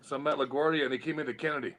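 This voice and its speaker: Male former player, relaxed joker, voice a bit higher than most men. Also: rapid-fire, low-quality recording. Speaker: former hockey player, guest. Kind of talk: casual storytelling chat.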